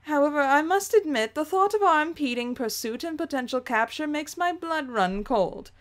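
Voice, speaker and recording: A woman's voice: high voice, animated, moderate pace, a bit bright, voice pushed up. A woman voicing a timid alien teen boy who stutters and hesitates nervously.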